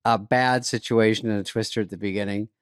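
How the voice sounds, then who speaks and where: A man's voice: lowish voice, fairly even intonation, fast talker, clean tone, no room sound, studio quality. A man co-hosting a podcast, trading sarcastic, rambling comic riffs in casual chat. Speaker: podcast co-host.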